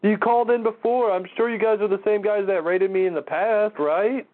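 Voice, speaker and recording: A man's voice: sits high, fairly even intonation, moderate pace. A man hosting a casual call-in show, exasperated and mocking, swearing often. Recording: tinny phone-line audio.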